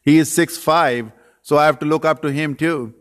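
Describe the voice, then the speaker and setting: A man's voice: a little high, fairly even intonation, moderate pace. A man who grew up in Pakistan. He preaches an earnest sermon as a guest missionary preacher, stacks phrases in threes and drops dry self-deprecating jokes. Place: church sanctuary. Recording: long reverb of a church sanctuary.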